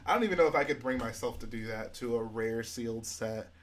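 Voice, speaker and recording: A man's voice: mid-range voice, brisk, slight background noise. Laid-back young man reading chat aloud. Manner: relaxed, reads viewer comments aloud and answers them. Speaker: livestream host. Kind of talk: casual live-stream chat while building.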